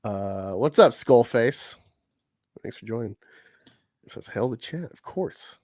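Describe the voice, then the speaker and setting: A man's voice: medium pitch, animated, slow pace, a little mellow, no echo, clean studio sound. A man hosting a casual live stream, talking in a rambling way with many fillers and restarts. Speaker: streamer host.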